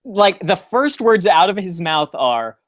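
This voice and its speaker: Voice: medium pitch, very animated, a little slow. A podcast co-host in casual chat, acting out the characters' lines with mocking quotes and tripping over frequent restarts. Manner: frequent restarts and filler words.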